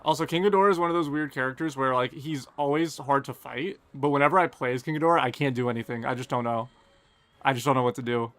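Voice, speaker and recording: A young man, streaming a game live and chatting casually and quickly with his viewers, joking at his own expense. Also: medium pitch, steady tone, a bit bright, no room sound. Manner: fast, casual, self-deprecating chatter. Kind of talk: live gameplay commentary and chat Q&A.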